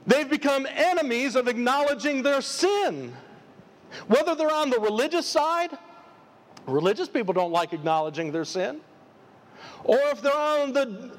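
A man preaching a live sermon as pastor, emphatic and full of repeated rhetorical questions. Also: very high-pitched. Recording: long reverb of a large hall.

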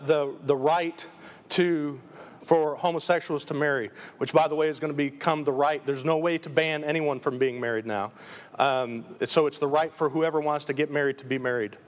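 A man preaching a live sermon as pastor, emphatic and full of repeated rhetorical questions. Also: fairly high pitch. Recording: long reverb of a large hall.

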